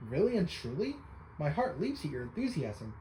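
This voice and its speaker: A man reads as an eccentric old photography devotee from a game, speaking in stiff, courtly phrases and calling his listener young sir. The voice stays mellow and dark. A faint hiss lies behind it. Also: fairly high pitch, big pitch swings, normal speed, roomy sound, rough recording. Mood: earnest. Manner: old-fashioned formal speech, addresses listener as young sir. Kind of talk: reading game dialogue aloud.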